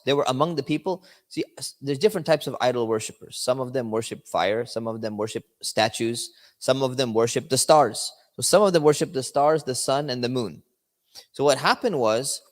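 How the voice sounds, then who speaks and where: A male religious teacher talks through a lesson in an easygoing, explanatory way and often checks in with his listeners. His voice sits at a middle pitch. It rings out with a long reverb in a large hall. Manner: conversational, explaining with checks like "right?". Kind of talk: religious lecture.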